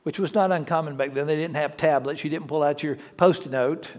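A man's voice: a little high, fairly even intonation, fairly quick, a little mellow. A man, lead pastor of a church, preaching an emphatic, conversational sermon that repeats key words for stress and adds humorous asides.

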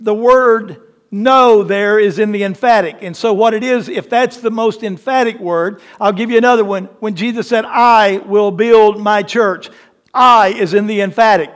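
A man preaching a sermon as lead pastor, chatting with the congregation and then slowing and rising hard on key words. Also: high-pitched. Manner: emphatic preaching, slows and rises on key words; conversational asides to the congregation.

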